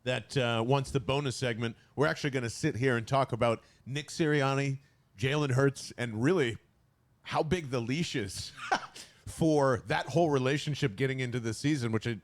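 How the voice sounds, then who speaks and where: A male podcast host gabbing about football and food in a loose, casual way. His voice sits at an ordinary middle pitch, and he gets worked up fast, swearing freely. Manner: animated, excitable, swears freely. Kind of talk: casual sports chat.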